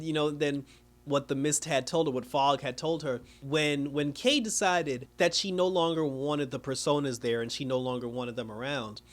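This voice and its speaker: A man recapping a TV episode in a loose, rambling way, full of slang and filler words, often laughing as he goes. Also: medium pitch. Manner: slangy street talk. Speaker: TV show reviewer.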